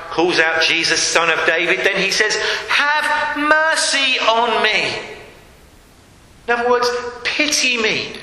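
Bright, slow-preaching man in an echoey church. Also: high-pitched. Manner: asks the listeners repeated rhetorical questions; acts out quoted cries, shouting some and murmuring others. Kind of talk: sermon.

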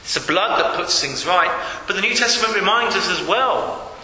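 A man's voice: high-pitched, expressive, normal speed, pushed and bright. A man preaching a sermon, emphatic and repeating his key phrases, recorded in a church hall. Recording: echoey hall with long reverb, faint noise.

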